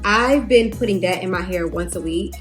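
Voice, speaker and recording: A woman's voice: medium pitch, moderate pace, fairly bright tone, faint music behind. A young woman chatting casually to camera while doing her hair, rambling with fillers and asides. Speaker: beauty vlogger.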